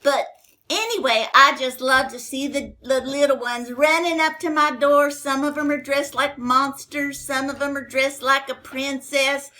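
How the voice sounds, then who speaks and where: Telling a Bible story for kids, an older female host speaks a little slowly, her high voice keeping a fairly even intonation. The storytelling is homespun, chatty and rambling, packed with fillers, and kindly toward the children.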